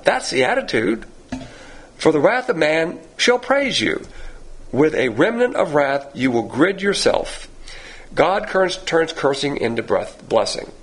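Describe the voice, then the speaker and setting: A man teaching from the Bible in a blunt sermon, his husky, gravelly voice leaping up and down as he acts out the people he quotes. He sits a little higher than most men. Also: poor audio. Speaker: pastor.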